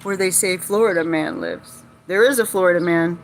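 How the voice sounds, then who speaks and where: This Southern-accented vlogger has a lowish, gravelly voice whose pitch swoops wildly, moving at a moderate pace with slight background noise. She livestreams outdoors by a lake, rambling casually with folksy, slightly salty jokes.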